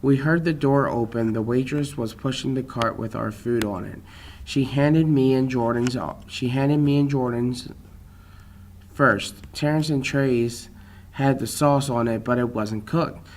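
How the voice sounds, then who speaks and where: Young male reader, relaxed and unpolished, average pitch. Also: slight background noise. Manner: plain, unhurried reading with small slips. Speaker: storyteller. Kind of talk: reading a fan story aloud.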